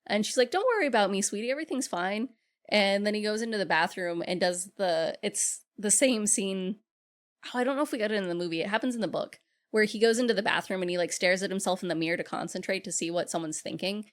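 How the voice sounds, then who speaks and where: Chatty woman recapping a film. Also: mid-range voice. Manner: retells scenes in quick acted-out quotes, swears casually. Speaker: podcast co-host. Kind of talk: casual movie recap chat.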